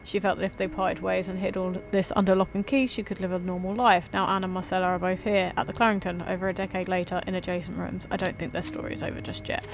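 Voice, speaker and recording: A woman's voice: lowish voice, flat delivery, fast, gravelly, hardly any pauses, noisy background. Chatty young woman streaming a game. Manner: chatty, swears casually, thinks out loud. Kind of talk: casual let's-play commentary. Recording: voice over game music.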